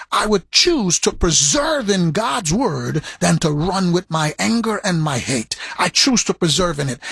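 A man preaching a sermon, swinging sharply in pitch and pace and repeating words for emphasis. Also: a bit bright, slightly rough, no echo.

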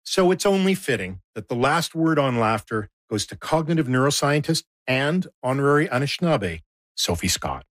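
Guy hosting a radio doc, chatty and animated, dry sound. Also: medium pitch, normal speed, dry recording. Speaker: radio documentary host. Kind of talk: radio documentary narration.

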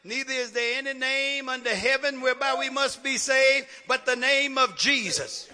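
A man a sermon in a call-and-response style, building from talk to shouts. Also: very high-pitched, steady tone, normal speed. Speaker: preacher.

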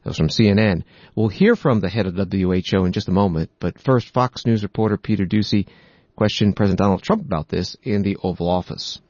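A man hosting a news program, reading reports in a steady, measured scripted delivery. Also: lowish voice, dry recording, lo-fi sound. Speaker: news host.

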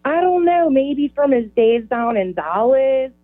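A woman's voice: sits high, sing-song, a crowd in the background. A woman from Pittsburgh with a Pittsburgh accent, calling in by phone, cheerful and giggly. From Pittsburgh, USA. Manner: giggly, cheerful, slow-spoken. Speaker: caller. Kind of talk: phone-in chat. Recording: tinny phone line.

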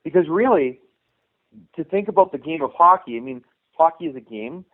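Speaking at a normal speed with a somewhat high, lively voice, a middle-aged youth hockey coach rambles through a long story in a casual interview. He restarts often and leans on "you know," all heard through a tinny phone connection.

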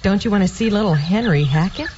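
An actress playing a coy, sugary-sweet young wife with a teasing manner, in a radio drama. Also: female voice, medium pitch, lively intonation, fast, a little mellow, slight background noise, natural voice. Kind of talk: 1940s radio acting. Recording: dull lo-fi radio recording.

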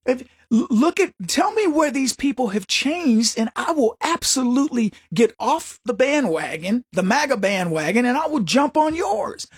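Guy ranting on his political show, husky voice, pitch bouncing all over, very dry sound. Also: very animated, moderate pace, hardly any pauses, no room sound. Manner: mocking, mimics opponents in exaggerated voices, laughs at own jokes. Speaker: political commentary host. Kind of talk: opinionated comedic monologue.

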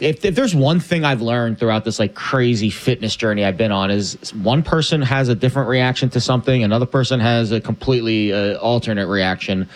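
A man co-hosting a casual sports talk show, rambling and easygoing. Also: mid-range voice. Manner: rambling, restarts sentences, easygoing.

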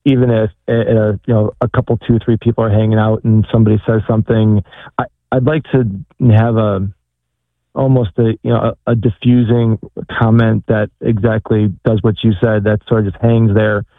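A man's voice: fairly low pitch, level tone, no echo. Male caller on a tinny phone line. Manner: halting, hesitant phrasing.

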